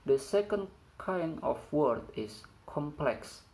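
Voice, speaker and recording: A young man whose first language is Indonesian, reading a classroom presentation carefully and slowly, stumbling now and then over his phrasing. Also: on the high side, animated, a little mellow, poor audio. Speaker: student presenter.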